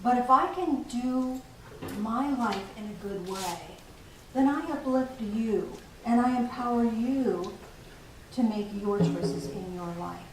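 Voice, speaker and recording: A woman giving a playful, animated spiritual talk to a group, often laughing as she teaches. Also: a little high, slow. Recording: echoey room from far off, faint noise.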